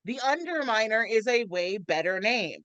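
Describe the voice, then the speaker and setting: A woman's voice: on the high side, expressive, moderate pace, fairly bright tone, no room sound, muffled recording. A woman guest in a casual podcast chat, ranting in playful mock outrage.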